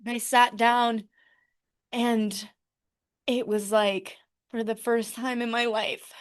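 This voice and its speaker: A woman speaking at a recovery meeting, telling her own story in a halting way, with many fillers and frequent laughs. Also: on the high side, little pitch movement.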